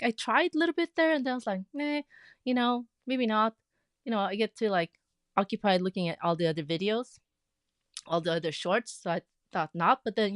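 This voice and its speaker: Woman host, casual livestream chat, excitable greetings, dry close-miked sound. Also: mid-range voice, no room sound. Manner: chatty, greets viewers with bursts of excitement. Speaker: livestream host of a quilting group.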